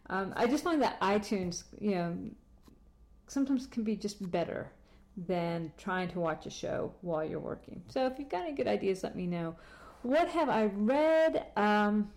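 A woman's voice: medium pitch, a little mellow. Woman rambling on her podcast at home, lots of ums and restarts, walks around while talking. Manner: rambling, many fillers and restarts. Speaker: podcast host. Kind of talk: casual chat.

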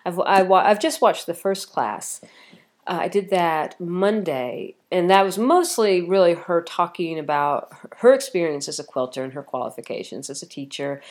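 A woman's voice: lowish voice, normal speed. A middle-aged woman chatting casually in a rambling way, with plenty of ums and restarts, sounding tired and slightly coughy. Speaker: vlogger. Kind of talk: casual chat.

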